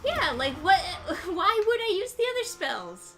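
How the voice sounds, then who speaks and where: A woman giving excitable, joking commentary in casual chat while playing a video game. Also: very high voice, a little slow, few pauses, soft background music. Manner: excitable, joking, laughing often. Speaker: gameplay commentator. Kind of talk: casual let's-play chat.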